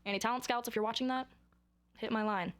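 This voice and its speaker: A young woman chats straight to camera in a loose, rambling vlog. Her voice sits a little high, and she gets excitable and dramatic as she talks. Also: a little fast. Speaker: vlogger. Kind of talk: casual chatty vlog.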